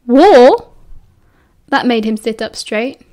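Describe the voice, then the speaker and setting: A woman with a British accent narrating an audiobook with a steady, expressive reading. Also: a little high, normal speed.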